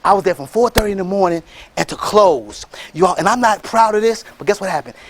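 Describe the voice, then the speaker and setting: Brief: man, high voice, preacher-style motivational speaker, calls out for crowd replies, sudden shouts. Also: fast talker, background noise. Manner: preacher-like, rallying the crowd with call-and-response and shouted bursts. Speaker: motivational speaker and franchise entrepreneur. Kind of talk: motivational speech.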